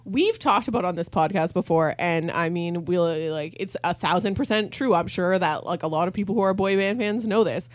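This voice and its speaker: A woman's voice: lowish voice, moderate pace, hardly any pauses, dry recording. Woman co-host, casual and chatty, dry close mic. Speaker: podcast co-host. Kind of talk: casual chat.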